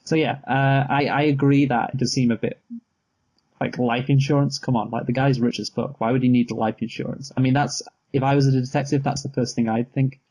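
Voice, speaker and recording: Man, movie podcast co-host, relaxed and halting delivery, mid pitch. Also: poor audio. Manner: laid-back, hesitant with many fillers. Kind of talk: casual film review chat.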